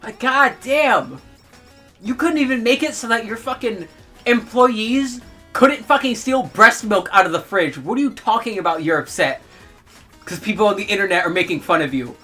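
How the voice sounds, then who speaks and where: A woman's voice: medium pitch, moderate pace, a bit bright, faint music behind. A young adult woman streamer ranting in heated, profane commentary and laughing between outbursts.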